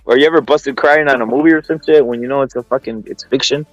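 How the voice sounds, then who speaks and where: A man's voice: mid-range voice, quick pace, no room sound, muffled recording, soft background music. A man hosting a podcast, telling a story in a rambling, profane, casual way with lots of laughter. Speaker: podcast host.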